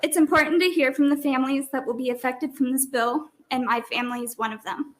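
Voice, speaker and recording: High-pitched woman, teary mom testifying, keeps apologizing, voice breaking. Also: fairly even intonation, fast talker. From Nebraska. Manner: tearful, apologetic, breaking up at times. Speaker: mother testifying at a hearing. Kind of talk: emotional public testimony.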